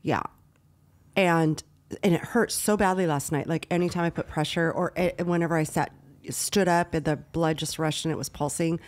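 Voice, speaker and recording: A young woman with a fairly low-pitched voice chats casually on a podcast. She rambles through a story with lots of restarts and brings it to life by acting out what everyone said. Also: moderate pace. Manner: rambling, animated retelling with quoted dialogue. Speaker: podcast co-host.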